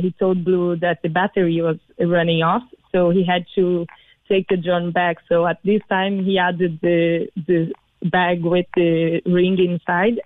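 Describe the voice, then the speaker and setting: A woman's voice: fairly low pitch, no room sound. Cheerful Brazilian-born woman on a phone line. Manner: excited, cheerful storytelling. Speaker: interview guest. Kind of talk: phone interview.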